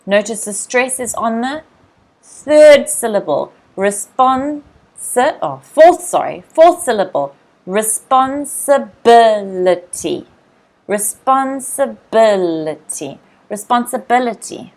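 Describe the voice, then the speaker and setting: A young Australian woman with a slightly high voice teaches English vocabulary in a live online lesson. She drills each word slowly and repeatedly, greeting viewers by name as she goes.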